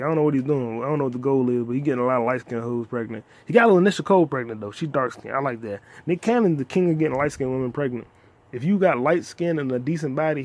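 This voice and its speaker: A young man hosting a solo comedy podcast, ranting in loud, profane bursts with sudden shouts. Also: mid-range voice.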